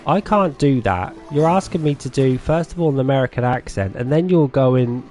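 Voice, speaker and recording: A man's voice: medium pitch, normal speed, a little mellow, soft background music. A man with a Norfolk English accent chatting casually with viewers while streaming a farming game, chatty and self-deprecating, laughing often. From England.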